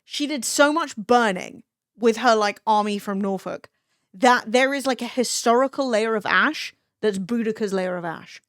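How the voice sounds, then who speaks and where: A woman's voice: fairly high pitch, normal speed, no room sound, clean studio sound. Chatty British woman streamer, swears freely. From London, England. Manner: chatty storytelling, swears freely, laughs often. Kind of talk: casual chat.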